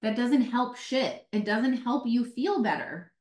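A woman's voice: a little high, a little slow, darkish tone, reverberant. A woman life coach talking candidly in a casual solo podcast, swearing freely and mimicking others' voices when she quotes them.

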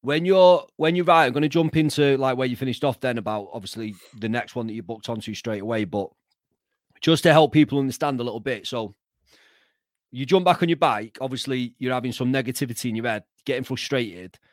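An eager man hosts a casual podcast interview and keeps encouraging his guest. His voice sits at an average male pitch. The recording is dry, with no room echo. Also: a little fast. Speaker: podcast host.

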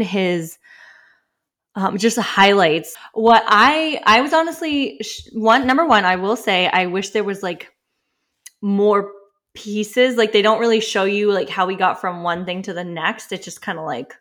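A woman's voice: mid-range voice, a bit bright. A woman in her thirties hosting a casual solo podcast, chatty and full of "like" fillers, laughing often and a little winded. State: slightly winded. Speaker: podcast host.

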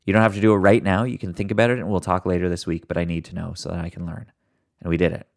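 A man hosting a motivational podcast, talking earnestly and encouragingly straight to his listeners, a fast talker who sometimes slows down on purpose. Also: sits low, little pitch movement, vocal fry. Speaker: podcast host. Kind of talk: motivational solo podcast talk.

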